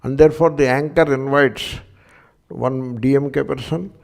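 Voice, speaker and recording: Older Indian man teaching with gravelly voice. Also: medium pitch, fairly even intonation, normal speed. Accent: Indian English. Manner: explanatory, checking in with listeners, occasional fillers. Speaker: Sanskrit teacher. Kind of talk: lecture on scripture and grammar.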